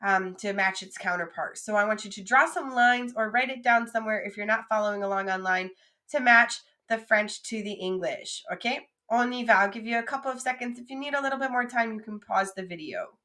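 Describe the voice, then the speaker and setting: A woman teaching French vocabulary patiently, saying words and pausing for the listener to repeat them. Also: on the high side, sharp tone. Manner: patient, drills words for repetition. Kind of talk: recorded classroom lesson.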